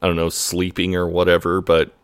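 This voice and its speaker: An American man with a very low voice, casually recapping a sitcom episode on a podcast. He talks in a loose, relaxed way, full of fillers and little laughs. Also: fairly quick, clean tone. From United States. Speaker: podcast co-host. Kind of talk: casual chat recapping a show.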